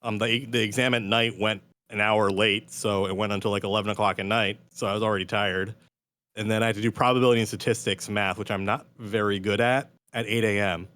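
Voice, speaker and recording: A man's voice: on the low side, fairly even intonation, brisk, sharp tone. Filler-heavy young man on a podcast. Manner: filler-heavy, self-deprecating. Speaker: podcast co-host. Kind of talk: casual storytelling.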